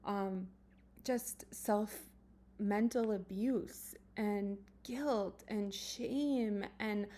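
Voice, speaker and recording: A woman vlogger sharing a personal story in an earnest, emotional way, speaking softly and haltingly with many fillers. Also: mid-range voice. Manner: soft-spoken, halting, full of fillers and restarts; earnest and emotional, at times dropping to a whisper.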